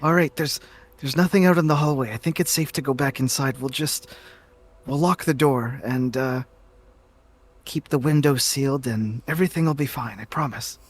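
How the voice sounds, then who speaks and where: A man voicing a gentle, fussy male healer who stammers reassurances to a scared friend. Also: mid-range voice, moderate pace, slightly rough, natural voice. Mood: soothing.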